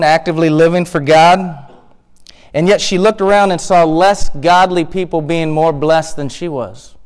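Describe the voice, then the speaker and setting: High-voiced, impassioned preaching man. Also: clear, resonant tone. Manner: impassioned, rhetorical questions, rises to near-shouting. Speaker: pastor. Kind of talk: sermon.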